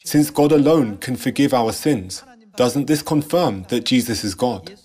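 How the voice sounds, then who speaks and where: A man reading a scripted sermon narration in a measured, solemn way, posing rhetorical questions. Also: medium pitch, expressive, darkish tone, slightly rough. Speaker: church narrator.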